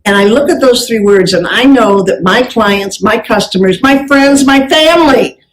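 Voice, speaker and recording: A woman's voice: fairly high pitch, moderate pace, rough recording. A woman giving a live motivational business talk on stage, telling anecdotes and acting out the dialogue. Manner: lively storyteller who acts out dialogue. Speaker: business speaker.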